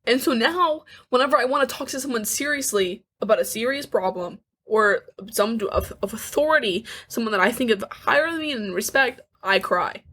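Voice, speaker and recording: Husky young woman, earnest and halting. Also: a little high, lively intonation, fairly bright tone. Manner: earnest, halting, with many restarts and nervous laughs. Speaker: podcast co-host. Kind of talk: candid podcast conversation.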